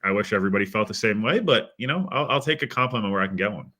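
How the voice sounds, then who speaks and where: A man guesting on a sports talk show, self-deprecating, who chuckles often and calls his own voice monotone. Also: on the low side, rapid-fire. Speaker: podcast guest. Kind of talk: casual sports chat.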